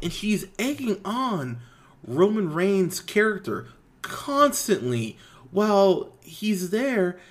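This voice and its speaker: A man's voice: fairly high pitch, fairly bright tone. Blunt, cussing man reviewing a movie. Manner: blunt, profane, exasperated recapping with filler "um" and "uh". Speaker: podcast host, film reviewer. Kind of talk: casual movie review, unscripted.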